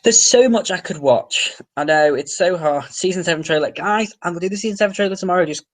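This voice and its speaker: A young man with an English accent, hosting a casual livestream and chatting excitably as he answers viewer comments, swearing now and then. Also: sits high, fast talker. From England. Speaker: livestream host.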